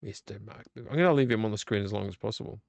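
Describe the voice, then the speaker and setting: A man's voice: on the low side, fast talker, gravelly, a little mellow, dry recording. A man hosting a late-night live vlog, a bit tipsy from beer, rambling and blunt and swearing freely. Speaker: livestream host.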